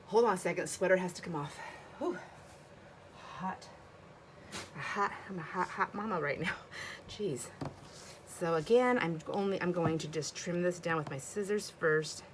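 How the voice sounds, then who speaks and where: A woman's voice: on the low side, normal speed, pauses often, noisy background. A middle-aged woman hosting a casual crafting video, chatting and rambling with plenty of fillers as she works. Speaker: craft channel host. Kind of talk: casual crafting tutorial chat.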